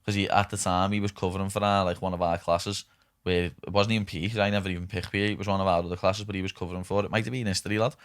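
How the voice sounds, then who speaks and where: A young Liverpool man talks at a brisk, tumbling pace in a lowish voice. He hosts a casual podcast chat and rambles through stories, with "lad" and swearing in almost every breath. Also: level tone, clean tone. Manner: rapid, rambling storytelling with constant "lad" and swearing. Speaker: podcast host.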